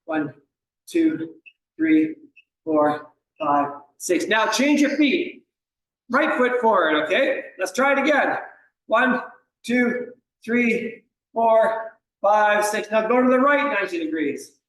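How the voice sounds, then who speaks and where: Male fitness instructor, encouraging, counts reps; high voice, distant mic in a very echoey room. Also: animated, slow, a bit bright. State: slight cough. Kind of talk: coaching an exercise class.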